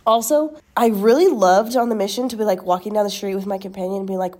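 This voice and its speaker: A woman's voice: medium pitch, steady tone, fast, mellow. A young woman hosting a podcast, rambling casually and laughing at herself. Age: young adult. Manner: rambling, self-deprecating, laughs often. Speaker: podcast host. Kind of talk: casual chat.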